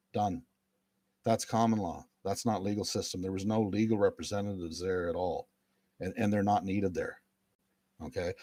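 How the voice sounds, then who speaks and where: A man's voice: on the low side, a little mellow, no echo, clean studio sound. A middle-aged man, talking earnestly and emphatically to viewers, often repeating his phrases. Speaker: speaker giving a talk. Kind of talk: casual monologue to viewers.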